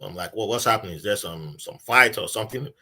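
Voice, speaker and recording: A man's voice: on the low side, quick pace. A man with a Nigerian accent, a podcast guest telling a story in casual chat and acting out the voices he quotes. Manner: animated storyteller who acts out quoted voices.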